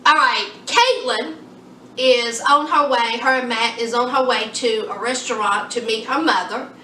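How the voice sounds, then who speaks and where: A woman's voice: a little high, unhurried, pushed and bright, slight background noise. A woman chatting sassily to her viewers as she recaps a reality show, calling them y'all and honey. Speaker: reality TV reviewer. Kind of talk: casual recap chat. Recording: echoey room, voice a bit far from mic.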